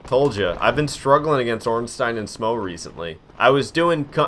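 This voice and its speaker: A young man chatting through a live game stream, quick to get frustrated and poking fun at himself. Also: mid-range voice, lively intonation, fairly bright tone, slight background noise. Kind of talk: casual live-stream commentary.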